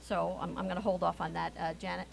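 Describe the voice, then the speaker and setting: A woman's voice: fairly low pitch, flat delivery, fast talker, gravelly. A woman from New Jersey judges a charity dance contest with playful, punning remarks. Faint noise sits behind her voice. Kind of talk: live event commentary.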